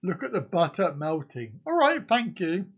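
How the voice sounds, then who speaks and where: Animated, jokey man streaming live. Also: high-pitched, moderate pace, highs cut off. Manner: jokey, reacting to viewer comments. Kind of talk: casual live stream chat.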